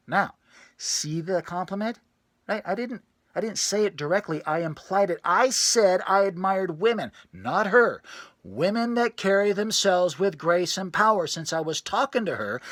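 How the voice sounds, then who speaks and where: A man playing a boastful, sleazy male pickup guru in a parody self-help lecture, sinking to low murmurs and bursting into loud scat exclamations. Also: no room sound. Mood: emphatic. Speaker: self-styled dating coach.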